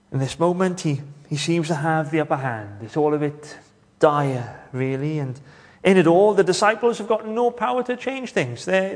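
A man preaching a sermon, measured and rhetorical, with dramatic pauses and questions to the congregation. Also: fairly high pitch, in a large hall.

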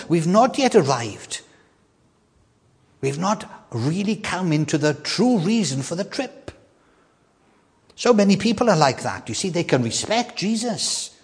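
An older man preaching a sermon with an animated delivery, often repeating words and slowing down to stress key questions. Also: a little high, in a large hall.

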